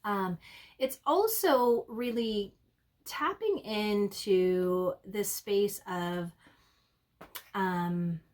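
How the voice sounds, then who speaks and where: A woman gives an intuitive tarot reading at an unhurried pace. She speaks in a mid-range voice and often pauses and restarts her phrases with soft ums. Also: medium pitch. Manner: slow, halting, with many ums and restarts. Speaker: tarot reader.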